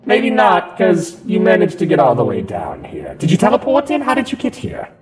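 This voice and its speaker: A man's voice: high-pitched, huge pitch swings, normal speed, soft background music, pitched above the performer's own voice. A man voicing an awkward, chatty undead male wizard who rambles and apologizes sheepishly. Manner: rambling, sheepish, nervous laughs.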